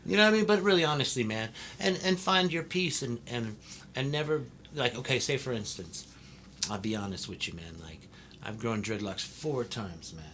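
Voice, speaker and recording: A middle-aged man hosting a casual interview, talking in a blunt, animated way with lots of swearing and laughter. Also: medium pitch, normal speed, a little hiss or hum. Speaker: host.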